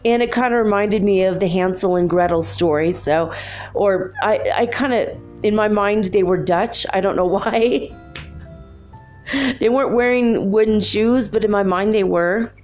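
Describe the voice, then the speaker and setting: Animated woman telling a story. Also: medium pitch, measured pace, soft background music. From Los Angeles, USA. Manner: animated, confiding, laughs while telling. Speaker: spiritual speaker. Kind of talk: storytelling monologue.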